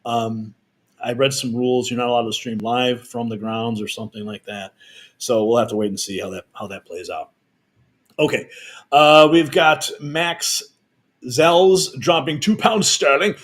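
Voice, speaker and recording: A man in the middle pitch range hosts a live news stream, running through donations and viewer messages with energy. He fires off quick, chatty asides between them. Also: fairly even intonation, a bit bright.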